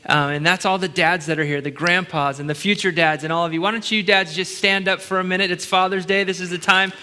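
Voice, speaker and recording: A man's voice: high-pitched, steady tone, quick pace, pushed and bright, smooth. A middle-aged man preaching as pastor in a large church, chatty and playful, breaking into short laughs. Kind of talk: sermon. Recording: long church hall reverb.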